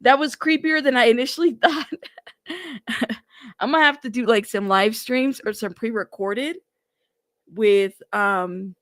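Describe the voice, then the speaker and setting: A woman's voice: a little high, measured pace, long pauses, dry recording, studio quality. A woman from California hosting a casual true crime livestream, chatty and laughing, talking to her chat as y'all.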